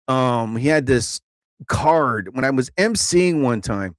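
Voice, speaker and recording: A man hosting a live stream, telling rambling stand-up stories casually, laughing often and jumping into higher voices to act out quotes. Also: animated, a little slow, no room sound. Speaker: live show host, comedian.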